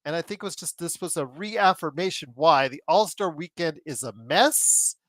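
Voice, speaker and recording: A man's voice: fairly high pitch, moderate pace, no room sound. A man hosting a sports podcast in casual, rambling chat, joking as he plugs the show. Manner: rambling, animated, jokey plugs. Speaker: podcast host.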